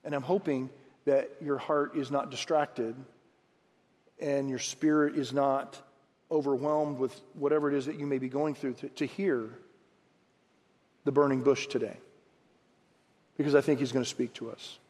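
A man preaching a sermon as pastor, acting out Bible dialogue in lively, animated bursts. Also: medium pitch, normal speed, long pauses. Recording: long hall reverb.

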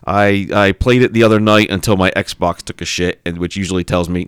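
A man co-hosting a casual podcast, rambling and swearing as he talks excitedly about a video game. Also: deep voice, a little fast, smooth, dry recording, clean studio sound. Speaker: podcast co-host. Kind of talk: casual chat.

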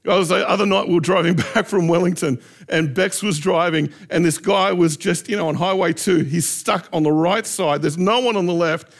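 A middle-aged man telling lively anecdotes in a relaxed storytelling talk, often laughing as he goes. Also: high voice, normal speed, hardly any pauses. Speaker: speaker.

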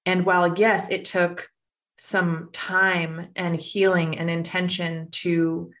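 A middle-aged woman speaks slowly in a candid, heartfelt personal monologue, her lowish, slightly bright voice level in tone but thick with emotion as she fights back tears. She fills her speech with lots of "like"s and "right?"s.

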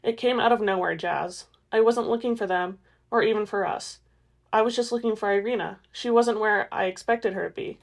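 A woman's voice: medium pitch, moderate pace, vocal fry. Woman reading a hollow, distant vampire seer for a book reading.

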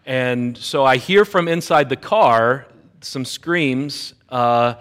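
A middle-aged man preaching a sermon, leading into his point through an animated personal story. His voice sits in an ordinary middle pitch. He moves between plain narration and acted-out quotes of the people in the story. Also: slow. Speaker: pastor.

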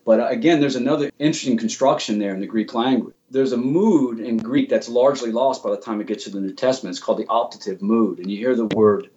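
Brief: earnest male theology guest, mid-pitched, slightly muffled recording. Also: fast, hardly any pauses, darkish tone. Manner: earnest, restarts and repeats words as he explains. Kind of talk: explanatory theological discussion.

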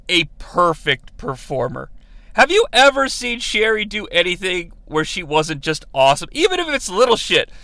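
Male podcast host, high and gravelly, rambling, profane, jokey. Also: pushed and bright, no room sound. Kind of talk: casual wrestling commentary.

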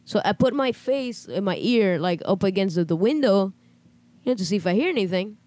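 A woman hosting a casual chat, asking quick follow-up questions and telling her own story. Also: medium pitch, animated, warm tone, dry recording. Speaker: host.

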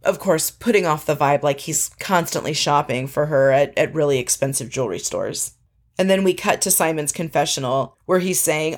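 A woman's voice: sits low, normal speed. A woman casually recapping a show, chatty and sarcastic, mimicking the people she quotes. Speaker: podcast host recapping a reality show.

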